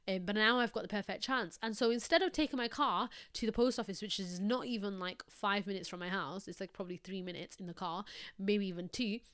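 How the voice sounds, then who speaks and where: A woman's voice: medium pitch, a bit bright, clean tone. A young woman in her twenties hosting a podcast, telling everyday stories in a chatty, rambling way. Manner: chatty, storytelling, many fillers. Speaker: podcast host. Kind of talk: casual monologue.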